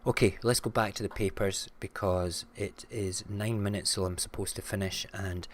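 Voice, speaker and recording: A low-pitched Scottish man hosts a live-streamed morning show from a home setup. He talks casually and frankly, drifting into ranting, with swear words thrown in. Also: fairly even intonation, normal speed, a little hiss or hum. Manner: frank and ranty, swears freely.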